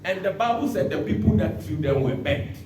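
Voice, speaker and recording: A man preaching a sermon as pastor, bursting into shouts and acting out the words he quotes. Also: high voice, fairly quick, very noisy. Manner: animated preaching with sudden shouts and dramatic quotes. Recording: echoey hall from far off.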